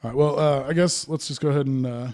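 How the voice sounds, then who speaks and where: A man's voice: medium pitch, steady tone, fast talker, a little mellow. A young man hosting a casual podcast, joking around, laughing often and rambling between points. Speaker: podcast host.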